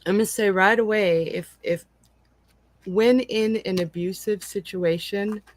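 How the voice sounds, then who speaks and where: A woman giving live psychic readings in a gentle, reassuring and emotional way. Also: mid-range voice, fairly even intonation, measured pace, a little hiss or hum. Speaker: psychic reader. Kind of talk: live online reading, casual chat.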